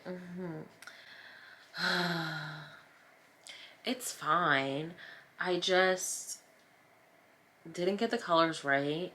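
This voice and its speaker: Her lowish voice holds a steady tone, drawing out words and pausing often, with a bright, forceful edge. The thirtysomething New Jersey vlogger chats while painting, rambling, self-mocking and playfully dramatic, with a bit of hiss or hum from the camera mic.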